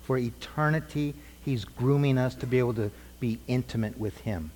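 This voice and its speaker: A man's voice: medium pitch, moderate pace, darkish tone, slight background noise. A middle-aged man teaching a church group conversationally, asking questions and repeating their answers. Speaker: preacher teaching a class. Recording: long hall reverb.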